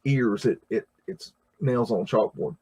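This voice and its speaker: A man's voice: mid-range voice, measured pace, mellow, slightly rough. An American man hosting a casual livestream, talking through chat comments in a rambling way, with many fillers and restarts. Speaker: livestream host reading chat.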